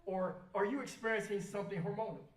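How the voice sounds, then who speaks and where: A woman's voice: mid-range voice, fast talker. Woman, rally speaker, repetitive coaching talk, distant mic, echoey room. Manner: repetitive, coaching, has the crowd repeat lines. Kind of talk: motivational talk to an audience. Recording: echoey hall, voice far from the mic.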